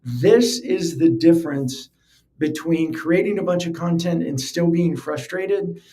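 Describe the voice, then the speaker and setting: A man's voice: a little high, unhurried, warm tone. A man hosting a podcast, talking earnestly in a casual, conversational way and often repeating words as he thinks. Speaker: podcast host. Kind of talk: casual solo podcast talk.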